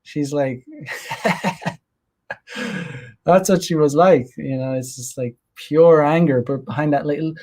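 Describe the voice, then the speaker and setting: A man's voice: fairly high pitch, takes it slowly, long pauses, a little mellow. A man hosting his own show, talking loosely with many fillers and restarts. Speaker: host. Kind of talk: casual solo livestream commentary.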